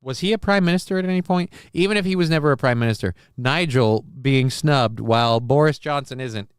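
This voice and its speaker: A man's voice: medium pitch, brisk, clean tone, no echo, studio quality. Crude, rambling man hosting a show. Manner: crude, rambling, lots of fillers and swearing. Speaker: live show host. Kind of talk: casual commentary reacting to clips.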